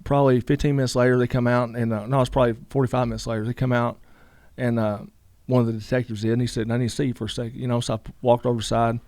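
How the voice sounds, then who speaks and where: A man's voice: medium pitch, flat delivery, quick pace, hardly any pauses, a little mellow, no echo. A man, a guest telling a long story in a casual interview, rambling with lots of "you know" asides.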